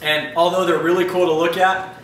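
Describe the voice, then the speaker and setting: A friendly, loose-talking man chats through viewer questions in a casual vlog. His voice is bright and a touch high, and the room is echoey. He sits back from the mic, with a faint hum of room noise behind him. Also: little pitch movement, a little fast, distant mic. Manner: chatty, upbeat, loose and informal. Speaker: aquarium hobbyist answering viewer questions. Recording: roomy echo, mic set back, faint ambient noise.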